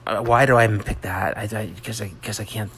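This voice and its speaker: A middle-aged man hosting a rambling personal monologue, halting and self-mocking, often dropping into soft whispered asides. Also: lowish voice, steady tone, a little hiss or hum. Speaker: monologue host.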